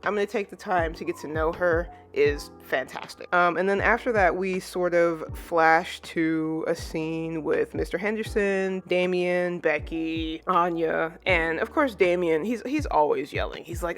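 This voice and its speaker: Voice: normal speed, hardly any pauses. A manga reviewer giving a casual chapter recap, talking in a chatty way full of fillers and lifting the voice for quoted characters. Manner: chatty, filler-heavy retelling with lifted pitch for quoted characters. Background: soft background music.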